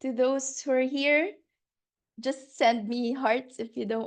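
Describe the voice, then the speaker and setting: A woman's voice: sits high, steady tone, slow pace. A woman life coach hosting a workshop on a video call, effusive and gushing, laughing often and repeating her words.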